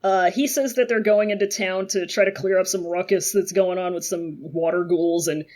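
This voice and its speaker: A woman's voice: on the low side, steady tone, normal speed, a little mellow. Woman, podcast host, casual recap, sardonic, chatty, filler words. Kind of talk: casual chat recapping a novel.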